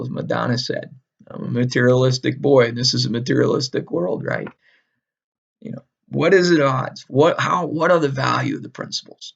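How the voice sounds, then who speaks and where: A man giving a casual, animated history lecture, emphatic and repeating key words, with frequent laughs. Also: medium pitch, creaky, muffled recording. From northern United States. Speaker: history teacher.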